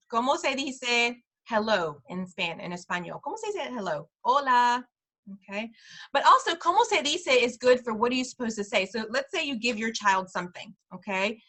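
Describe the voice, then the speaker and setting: With lively intonation and a clear, bright, slightly high voice, a preschool director leads a friendly, casual Spanish lesson for parents. Each phrase gets a slow repetition for the learners, and she laughs readily between them.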